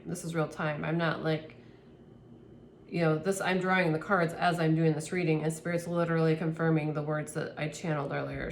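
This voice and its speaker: A woman reads tarot for her viewers in a low voice, earnest and easily moved, laughing now and then. She rambles and restarts her sentences. A faint hiss of noise sits behind her. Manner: earnest, emotional, laughs often. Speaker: tarot reader. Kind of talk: spiritual tarot reading to camera.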